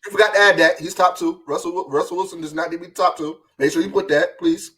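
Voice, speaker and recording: A man's voice: high voice, steady tone, fast talker, fairly bright tone, husky. A man co-hosting a sports podcast, teasing and pushing his point insistently in casual debate. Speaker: podcast co-host.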